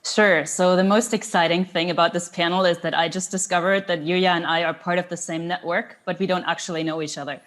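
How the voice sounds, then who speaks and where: A woman speaking as a panelist on a video call, relaxed and conversational with frequent ums. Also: fairly low pitch, fairly quick, hardly any pauses. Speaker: panelist, network director. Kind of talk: panel talk.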